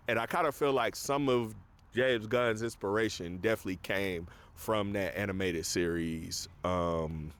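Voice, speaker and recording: Smooth low-voiced man rambling through a review. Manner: loose, rambling recap with many fillers; acts out quoted lines in a raised voice. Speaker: film reviewer host. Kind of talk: casual film review monologue.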